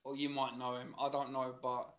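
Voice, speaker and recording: A man's voice: medium pitch, completely flat delivery, fairly quick, a bit bright. A man co-hosting a casual podcast chat, telling sweary anecdotes and often laughing. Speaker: podcast co-host.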